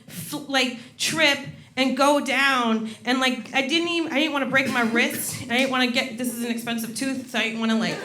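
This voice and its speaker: A woman comedian hosting a live show, telling stories in a brash, laughing, animated way. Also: sits high. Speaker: comedian host. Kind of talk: comedic storytelling on stage. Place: stage before a live audience. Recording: live show with crowd noise.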